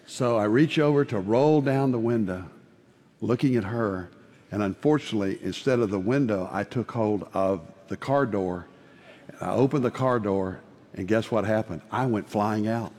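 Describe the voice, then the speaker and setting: A pastor preaching a sermon, telling a personal story with playful asides before turning to the lesson. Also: male voice, on the low side, normal speed, darkish tone, in a large hall, a little hiss or hum.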